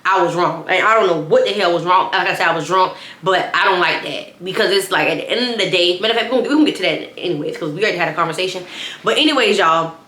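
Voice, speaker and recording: A woman's voice: lowish voice, fast, bright, forceful tone. A young adult woman telling a personal story to her viewers in a casual storytime. She talks to them directly, often restarting and repeating phrases. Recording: echoey room.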